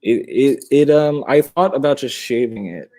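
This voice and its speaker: A man's voice: mid-range voice, expressive, normal speed, warm tone. A young man on a video call, chatting casually and rambling, laughing often and swearing. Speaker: podcast guest.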